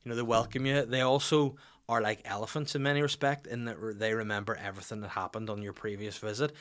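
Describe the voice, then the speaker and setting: A man's voice: lowish voice, steady tone, quick pace, fairly bright tone. A man in his thirties with a Northern Irish accent, hosting a podcast in a rambling, jokey monologue. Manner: rambling, jokey, sings little tunes. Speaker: podcast host. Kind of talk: casual comic monologue.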